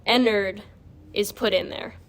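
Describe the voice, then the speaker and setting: A young woman hosts a podcast, explaining things in a rambling, casual chat full of "like." Her voice is medium-pitched with a steady tone and an unhurried pace.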